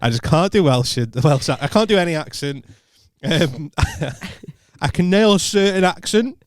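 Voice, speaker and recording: A man's voice: on the high side, animated, measured pace, dry recording, clean studio sound. A man co-hosting a podcast as a comedian, chatting casually, laughing often and swearing freely. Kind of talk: casual chat.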